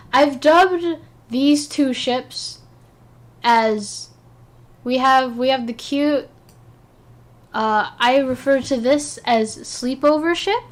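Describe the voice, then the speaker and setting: A young woman streaming, chatting casually in an excitable, rambling way, sleepy and yawning between thoughts. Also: a little high. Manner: excitable, rambling, giggly, with restarts. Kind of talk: casual chat while ranking game characters.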